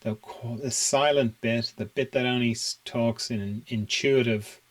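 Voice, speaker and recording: A man in a reflective spiritual monologue, musing aloud with many fillers and restarts and frequent soft laughs. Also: medium pitch, fairly even intonation, measured pace, rough recording. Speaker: spiritual teacher.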